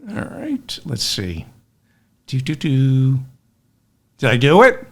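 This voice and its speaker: A man's voice: medium pitch, huge pitch swings, takes it slowly. A man hosting a comedic news podcast, ranting with sarcastic, self-deprecating asides. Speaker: podcast host.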